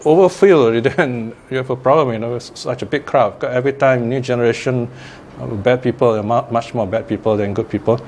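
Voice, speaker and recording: A man's voice: mid-range voice, darkish tone, slight background noise. A man, a Buddhist teacher giving a chatty Dharma talk, laughing often and tossing in asides. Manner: chatty, laughs often, lots of "you know".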